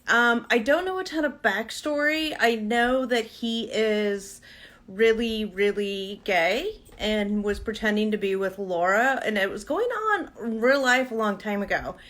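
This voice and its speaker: Slow, chatty woman hosting a livestream. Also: medium pitch, fairly bright tone. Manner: chatty, laughs often, coos at her pet. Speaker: livestream host. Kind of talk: casual live Q and A chat. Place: at a home vanity.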